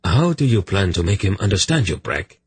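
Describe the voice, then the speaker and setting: Man reading a burly sergeant, gruff and threatening, low and raspy. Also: animated, moderate pace, dry recording, heavily acted. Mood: menacing. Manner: gruff, menacing. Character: heavy gruff male army sergeant.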